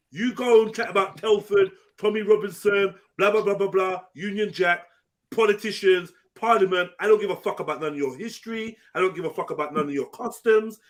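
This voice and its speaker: A man's voice: high-pitched, a bit bright. A man, ranting angrily and swearing on a live panel show. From England. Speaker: panel host. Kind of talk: heated live panel discussion.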